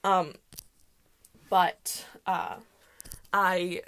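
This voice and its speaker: Young woman, casual solo podcast chat, rambling with fillers, gravelly vocal fry. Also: on the low side, steady tone, drawn-out words, a bit bright. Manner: rambling and chatty, with many fillers and self-interruptions; laughs often while talking. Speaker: podcast host.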